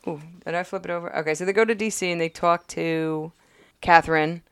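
A woman co-hosting a podcast, recapping an episode in casual chat with wry, quick asides. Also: fairly low pitch, steady tone, fairly bright tone, clean tone, dry recording. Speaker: podcast co-host.

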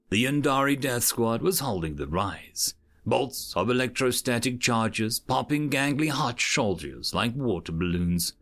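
Lively male sci-fi story narrator. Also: mid-range voice. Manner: lively, expressive reading. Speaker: audiobook narrator and channel host.

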